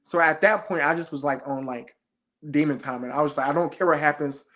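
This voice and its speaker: A young man with a slightly high voice tells a story in a rush, acting out the shouts of the moment as he recounts it. He talks like a guest in a casual, lively interview. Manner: fast, excited retelling, acting out his own shouts. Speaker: interview guest, former game show contestant. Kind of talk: animated storytelling in casual chat.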